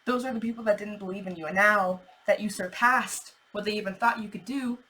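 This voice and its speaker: A woman's voice: mid-range voice, fairly quick, fairly bright tone, poor audio. A woman giving a casual tarot reading, chatty and thinking aloud, with the odd swear word. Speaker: tarot reader.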